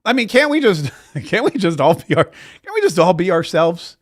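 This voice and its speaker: A male talk radio host with a voice a little higher than most men's. He delivers opinionated political commentary in a sarcastic, mocking tone. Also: very animated, moderate pace. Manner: sarcastic, mocking asides with laughs.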